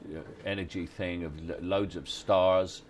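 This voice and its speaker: Deep-voiced older man, halting. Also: fairly even intonation, a little hiss or hum. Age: 60s. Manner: halting, many restarts and fillers, wry chuckles. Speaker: actor interviewee. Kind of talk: relaxed anecdotal interview answers. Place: on location at a film set.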